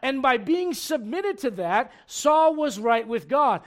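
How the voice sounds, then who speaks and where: Preacher man with a really high voice, emphatic, keeps asking can i say this, goes loud then quiet. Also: big pitch swings, slow pace. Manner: emphatic, many rhetorical questions; swings between loud urgency and hushed gravity. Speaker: pastor. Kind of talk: sermon.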